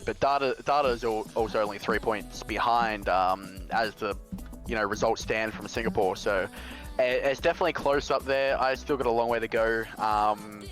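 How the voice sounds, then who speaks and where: A man talking through his race in a relaxed, chatty way, with lots of ums. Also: on the low side, low-quality recording. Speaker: sim racing driver. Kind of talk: casual post-race interview.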